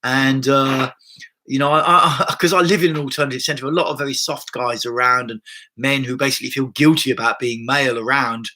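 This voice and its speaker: A man's voice: mid-range voice, steady tone, fairly quick, pushed and bright. A man hosting a livestream on body-based therapy, talking casually and bluntly, swearing freely and restarting his sentences with many "you know"s.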